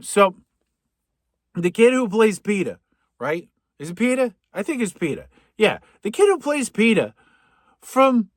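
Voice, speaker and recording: A man with a Boston accent rants through a comedic movie recap, sarcastic and profane. His voice sits a bit high. The recording is dry and close. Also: no echo. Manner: sarcastic, profane, rambling asides. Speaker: podcast host.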